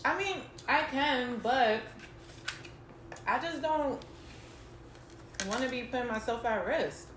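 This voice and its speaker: A woman's voice: sits high, animated, takes it slowly, pauses often. A young woman co-hosting a podcast, talking in a casual, candid way, swearing freely and laughing often. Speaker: podcast co-host. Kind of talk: casual chat. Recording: roomy echo with faint noise.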